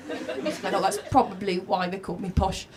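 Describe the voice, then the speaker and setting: A woman's voice: mid-range voice, flat delivery, brisk. A woman doing a rambling, self-deprecating stand-up set on a comedy club stage, recorded live. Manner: rambling, self-deprecating, with many ums and asides. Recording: live club recording with loud crowd and noise.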